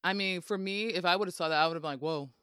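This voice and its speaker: In casual history podcast narration, a jokey host talks quickly, full of joking asides and frequent laughter. The mid-range voice is pushed and bright yet smooth, with fairly even intonation, over a dry, close recording without echo.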